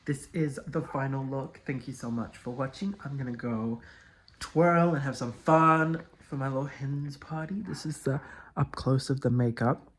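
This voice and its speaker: Man, drag queen, chatty makeup tutorial, playful and giggly, medium pitch, phone camera, faint room hum. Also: moderate pace. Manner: playful, giggly and self-mocking. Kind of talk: casual chatty vlog narration.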